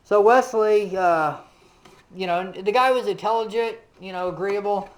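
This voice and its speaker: A man's voice: high voice, moderate pace, low-quality recording. A man teaching a casual Bible lesson, talking conversationally with lots of "you know" and putting questions straight to his listeners. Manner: asks the listeners direct questions.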